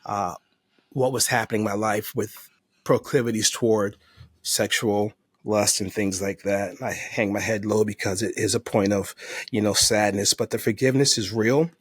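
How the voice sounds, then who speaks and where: A man speaks earnestly as a podcast guest, his voice slightly husky. He tells his recovery story with heartfelt, emotional faith. The sound is dry and close. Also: fairly low pitch, steady tone, normal speed, no echo. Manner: faith-filled. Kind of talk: personal testimony in conversation.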